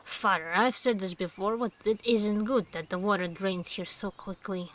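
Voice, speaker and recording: A woman's voice: mid-range voice, moderate pace, fairly bright tone, lightly acted. A woman reading the lines of a village man who keeps pressing a priest about repairs. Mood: insistent.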